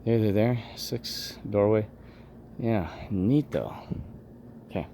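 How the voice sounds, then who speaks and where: A man's voice: fairly low pitch, slow, warm tone, a little hiss or hum. A man exploring an old hotel, musing to himself as he walks, and at times calling out firmly to a spirit. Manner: calls out commandingly to a spirit. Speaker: paranormal investigator vlogger. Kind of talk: rambling walk-through commentary.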